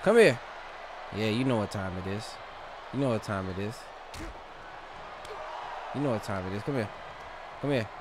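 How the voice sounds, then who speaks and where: A man giving loud, trash-talking live commentary while playing a wrestling game. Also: on the low side, moderate pace, pauses often, very noisy. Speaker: gaming channel host.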